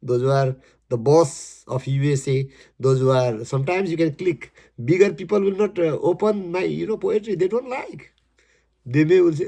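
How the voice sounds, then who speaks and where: A man explaining his poem in halting, emphatic English, repeating his words as he goes. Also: on the high side, gravelly, dark tone. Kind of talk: casual spoken explanation.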